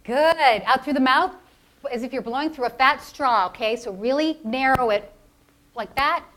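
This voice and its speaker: A woman's voice: high-pitched, normal speed, noisy background. A woman teaching public speaking to a live audience, leading breathing exercises in an encouraging, playful coaching manner. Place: lecture hall with audience.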